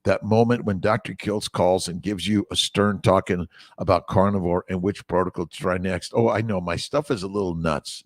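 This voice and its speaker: Deep-voiced older man, dry close sound. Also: steady tone, normal speed, dry recording. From United States. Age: 60s. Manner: rambling, encouraging, reads out names and comments. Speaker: doctor hosting a morning livestream. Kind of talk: casual livestream chat reading viewer comments. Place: away from his usual office. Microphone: phone mic.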